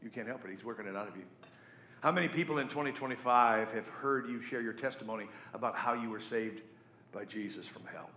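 A man's voice: medium pitch, fairly quick, a little hiss or hum. Man, middle-aged, pastor, sermon, storytelling, roomy echo. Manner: storytelling, animated, jokey asides.

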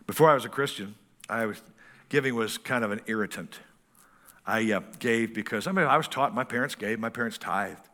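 Bright-voiced folksy preacher in his sixties. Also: on the low side, fairly quick. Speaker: pastor. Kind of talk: sermon.

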